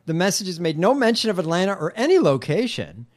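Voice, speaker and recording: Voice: mid-range voice, big pitch swings, a little fast. A co-host reading news stories and quotes aloud on a political talk show, now and then mixing up names and correcting themselves. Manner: reads quotes aloud, stumbles over names.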